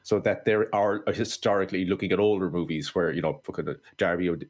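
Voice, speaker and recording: A man's voice: low voice, a little fast. An Irish man co-hosting a film-review podcast, ranting bluntly with plenty of swearing. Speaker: podcast co-host. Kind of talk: casual film-review chat.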